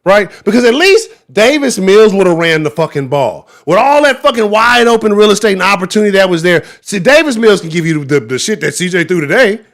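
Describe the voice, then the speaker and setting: Brief: Houston-accented male sports show host, higher voice, angry profane livestream rant. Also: fairly quick, few pauses. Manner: angry, profane, animated ranting.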